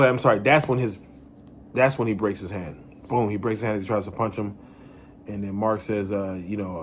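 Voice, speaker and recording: Man excitedly recapping a show. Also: lowish voice, a little hiss or hum. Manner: animated, rambling retelling with fillers. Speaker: reaction video host. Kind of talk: casual spoken recap.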